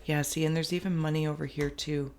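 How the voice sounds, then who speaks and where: A woman's voice: sits low, little pitch movement, fast talker, darkish tone, slight background noise. A woman giving a spoken tarot and spirit reading to camera, rambling and thinking aloud with many fillers and restarts. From Canada. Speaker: tarot reader and psychic.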